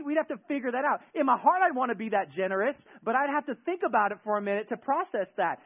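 High-pitched guy preaching, gets loud and punchy, cracks jokes, kinda muffled recording. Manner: animated, swings from hushed storytelling to loud emphatic preaching; joking, self-deprecating asides. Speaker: pastor. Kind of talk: sermon.

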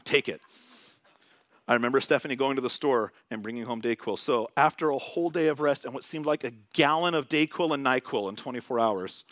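A middle-aged man preaching in a relaxed, conversational way, telling stories and sinking into soft, hushed tones when he drives a point home. His voice sits at an ordinary pitch. The sound is dry and close. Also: no room sound. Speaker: pastor. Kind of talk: sermon.

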